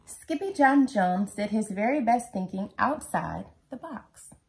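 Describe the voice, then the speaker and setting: A woman reading a picture book aloud to her children, lively and expressive. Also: mid-range voice, a little slow, creaky.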